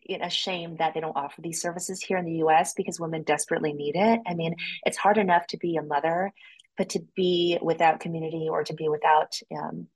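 Lower-voiced woman telling a personal story. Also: fast, poor audio. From United States. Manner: animated, acts out quoted voices with sudden jumps in pitch. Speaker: podcast guest. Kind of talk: casual interview storytelling.

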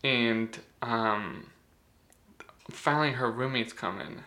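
Bright-voiced young guy telling a story. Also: medium pitch. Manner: rambling, laughing, drawn-out filler words. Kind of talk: casual storytelling chat.

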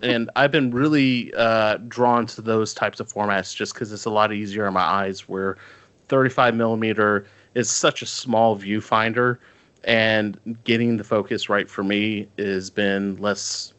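A man with a lowish voice talks casually as a podcast co-host. He wanders through his thoughts, full of ums, likes and restarts. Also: fairly even intonation, measured pace, fairly bright tone, clear, resonant tone. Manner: rambling, many fillers and restarts. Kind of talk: casual chat.

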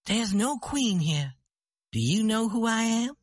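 Man playing high, lively young ranch woman, storybook read-aloud, dry close sound. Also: a little slow, breathy edge, no room sound, exaggerated voice. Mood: tender. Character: young female ranch owner, tender and commanding.

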